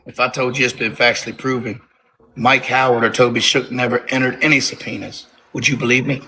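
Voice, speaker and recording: A man's voice: medium pitch, fairly even intonation, a little fast, pushed and bright, slight background noise, rough recording. A man joining the stream, coaxing others insistently to speak up. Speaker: stream guest.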